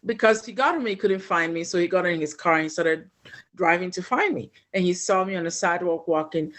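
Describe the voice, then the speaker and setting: A woman's voice: fairly low pitch, fairly quick. Woman telling a personal story. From Ghana. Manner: animated, emotional retelling. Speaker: guest.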